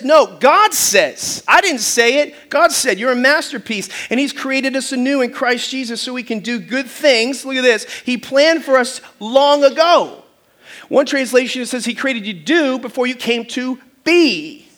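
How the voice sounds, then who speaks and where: A man with a very high voice preaches a lively sermon. He tells stories with put-on voices, rises into loud bursts and asks the congregation to answer him. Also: a little slow. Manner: animated storytelling with funny voices and audience call-and-response. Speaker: pastor.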